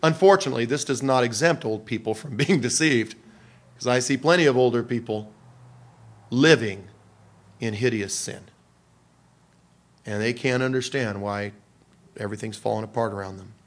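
A man's voice: medium pitch, moderate pace, pauses often. Man, middle-aged pastor, sermon, folksy storyteller, laughs at own anecdotes.

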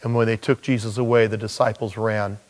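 A man's voice: lowish voice, level tone, a little fast, long reverb tail. A man preaching a sermon in a humorous, conversational storytelling way, acting out quoted dialogue.

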